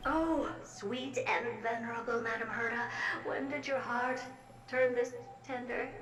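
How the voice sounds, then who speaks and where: A woman voicing an eerie living mirror servant in a game, speaking in a slow, fawning manner. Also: on the high side, steady tone, close to an everyday voice. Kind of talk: game voice acting. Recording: echoey and distant with noise.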